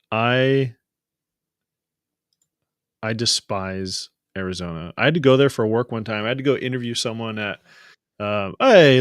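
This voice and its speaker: A man's voice: lowish voice, dry recording, clean studio sound. Chatty man hosting a casual hangout. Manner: chatty storyteller, laughs often, restarts mid-sentence. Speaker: host. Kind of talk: casual live-stream chat.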